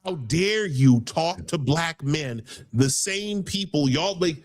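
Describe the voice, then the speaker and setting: A man's voice: fairly high pitch, animated, slow pace. A man hosting a casual political talk show, heated and rambling, often repeating words as he builds his point. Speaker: podcast host.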